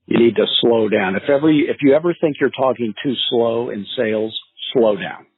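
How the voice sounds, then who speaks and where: A man who coaches real estate sales, telling stories and advice in a podcast interview, acting out calls in an animated way. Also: medium pitch, moderate pace, husky, no echo. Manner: animated storyteller, acts out phone calls. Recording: tinny phone-line sound.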